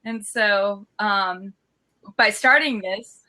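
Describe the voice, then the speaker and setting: Bright-voiced woman co-host. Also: medium pitch, drawn-out words.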